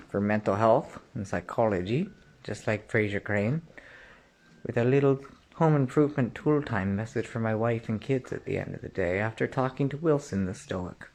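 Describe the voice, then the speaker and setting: A man delivering an angry, profane rant straight to the listener, often clearing his throat and rising to shouts. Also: fairly low pitch. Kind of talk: angry direct-to-camera rant.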